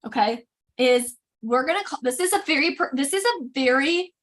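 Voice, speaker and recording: A woman hosting a casual live makeup tutorial, chatty and animated, often interrupting herself. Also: high-pitched, normal speed. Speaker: makeup demo host.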